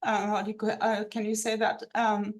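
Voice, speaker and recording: A woman's voice: medium pitch, completely flat delivery, moderate pace. A woman with a French accent, speaking hesitantly with many fillers, asking for advice on a video call. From France. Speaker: group participant. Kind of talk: casual group chat on a video call.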